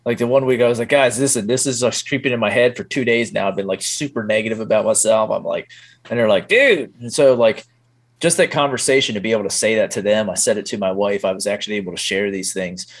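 A man's voice: on the low side, quick pace. A man talking as a podcast guest, telling stories casually and acting out what he said to himself. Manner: animated storyteller, acts out his own inner voice. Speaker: podcast guest, men's group leader. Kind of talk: casual interview chat.

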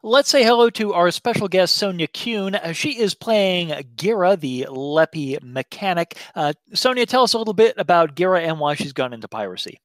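A man's voice: sits high, normal speed, hardly any pauses, no echo. A man hosting a tabletop role-playing show, introducing the players and narrating the scene with upbeat energy and frequent "uh"s. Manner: upbeat, animated, with filler "uh"s. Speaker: show host.

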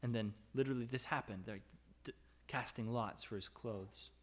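A man's voice: normal speed, a bit bright. A man preaching a sermon, reading psalm verses aloud and calling out the anguished cries with a raised voice, then dropping back to an easy conversational tone that often checks in with "right?". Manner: reads scripture aloud and rises in pitch and volume when voicing anguished cries. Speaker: pastor.

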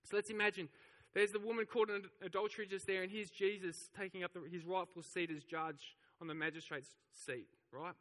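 A man's voice: high-pitched, fairly even intonation, fairly quick, few pauses, fairly bright tone, long reverb tail. A man preaching a sermon, telling the story with animation and acting out the voices of the crowd. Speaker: pastor.

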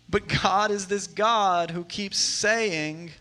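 A man in his thirties preaching a sermon in a conversational way, moving between hushed asides and emphatic stretches. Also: sits high, takes it slowly, hardly any pauses. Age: 30s. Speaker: pastor.

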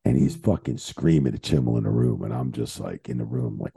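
On a podcast, a retired referee in middle age shares a rambling road story packed with swearing. He talks a little fast, and his very deep, gravelly voice carries a warm tone.

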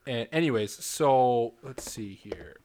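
A young man, co-hosting a casual podcast, telling crude stories with lots of swearing. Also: slow pace. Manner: animated storytelling, swears a lot, quotes texts in a lowered voice. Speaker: podcast co-host. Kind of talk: casual chat.

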